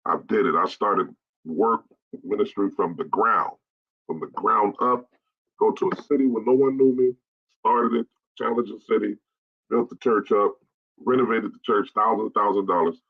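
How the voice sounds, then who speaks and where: Blunt husky-voiced bishop preaching. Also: male voice, fairly low pitch, steady tone, normal speed, narrow, tinny audio. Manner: blunt, repetitive, drives points home by repeating them. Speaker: bishop and pastor. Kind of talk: live-streamed straight-talk message to pastors.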